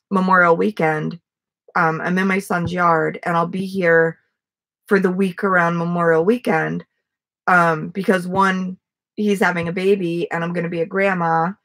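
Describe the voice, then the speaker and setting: A woman's voice: lowish voice, flat delivery, a little slow, fairly bright tone. Casting: middle-aged woman, casual vlogger, rambling outdoor livestream chat. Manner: rambling, chatty, many fillers and restarts. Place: outdoors in a front yard.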